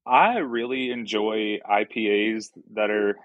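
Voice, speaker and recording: A man's voice: fairly low pitch, takes it slowly, muffled recording. A man from the Southern US, a podcast guest chatting casually and joking about himself. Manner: chatty, self-deprecating, easy laughs. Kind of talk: casual conversation.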